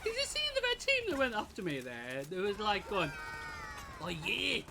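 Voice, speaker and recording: A British woman commenting on a live game stream, excitable, often shrieking and laughing. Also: medium pitch, a little fast, heavy background noise.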